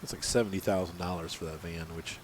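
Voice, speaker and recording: A man's voice: sits low, steady tone, fast talker, slight background noise. A man hosting a farming game let's-play, talking casually and rambling as he plays, with some teasing banter. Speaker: gaming channel host.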